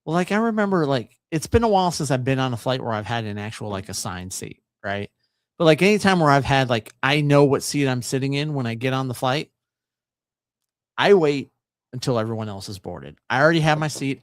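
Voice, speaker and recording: A man's voice: mid-range voice, lively intonation, a little fast, no room sound. A man co-hosting a casual chat, mostly chiming in with short, dry quips. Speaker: podcast co-host.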